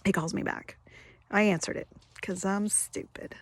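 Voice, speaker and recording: A woman's voice: mid-range voice, steady tone, moderate pace, slight background noise. A woman in her fifties telling a personal story in a candid, rambling way, often restarting her sentences. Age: 50s. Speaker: vlogger. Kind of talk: confessional storytelling.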